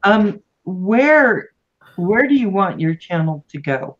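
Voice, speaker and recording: A woman's voice: mid-range voice, sing-song, slow pace, dull audio. A woman hosting a livestream, chatting casually and greeting viewers with affectionate words. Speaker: livestream host.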